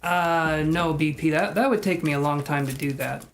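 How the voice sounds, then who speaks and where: A man's voice: fairly high pitch, moderate pace, slight background noise. A man live-streaming tarot readings, chatting with viewers in a joking, self-deprecating way. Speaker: tarot reader.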